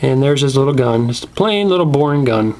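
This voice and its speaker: Toy reviewer, casual rant, swears a lot, mid pitch. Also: lively intonation, a little fast, darkish tone. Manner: chatty, swears, laughs often.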